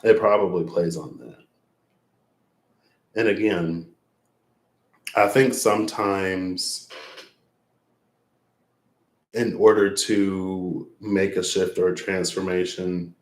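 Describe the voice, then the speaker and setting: A man's voice: low voice, fairly even intonation, takes it slowly, pauses often, echoey room. A man who reads tarot, closing a long livestream with rambling, reflective talk and frequent laughs. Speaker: tarot reader. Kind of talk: late-night livestream wrap-up chat.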